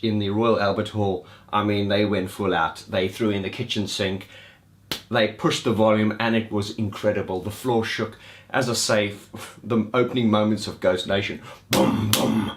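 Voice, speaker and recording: A man talks through a gig review in a loose, excited way, circling back and restarting his sentences. His voice sits on the lower side for a man. He sounds like someone sharing his enthusiasm straight to camera. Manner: enthusiastic, rambling with restarts and laughs. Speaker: music vlogger reviewing gigs. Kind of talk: casual spoken gig review.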